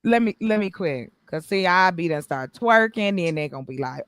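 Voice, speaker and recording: A woman hosting a casual live stream, animated and joking, swearing freely. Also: fairly low pitch, moderate pace, clean tone, no echo. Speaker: stream host. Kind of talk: casual chat.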